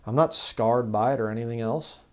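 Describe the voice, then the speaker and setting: Guy preaching casual bible study, chatty, gets louder reading verses. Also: mid-range voice, brisk, clear, resonant tone. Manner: conversational, rises loud when reading scripture; mocks legalists in put-on voices. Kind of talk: informal bible teaching.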